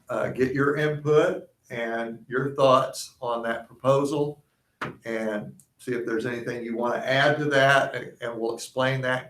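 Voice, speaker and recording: A man giving a superintendent's report at a school board meeting, speaking haltingly with frequent fillers. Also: mid-range voice, a bit bright. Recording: echoey meeting room.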